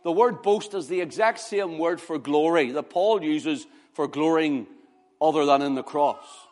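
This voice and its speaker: A man preaching an impassioned sermon, swinging from loud exclamations to hushed words. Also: a little high, a little slow.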